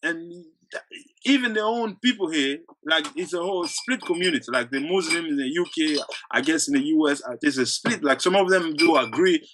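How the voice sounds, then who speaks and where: A man's voice: a little high, brisk, background noise. A male activist guest in an interview, talking earnestly and at length, with restarts and short laughs between points. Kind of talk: casual interview talk.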